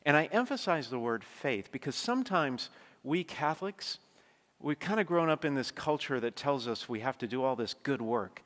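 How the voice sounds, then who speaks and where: Priest giving a sermon, mid-pitched man, conversational and emphatic, church echo. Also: expressive, normal speed, fairly bright tone. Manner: conversational preaching, emphatic, speeds up when stressing points. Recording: long church reverb.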